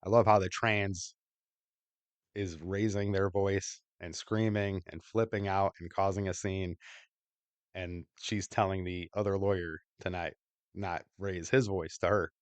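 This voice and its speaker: Blunt low-voiced male podcast host. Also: fairly even intonation, measured pace, no room sound. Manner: blunt, opinionated, crude. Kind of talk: casual commentary over clips.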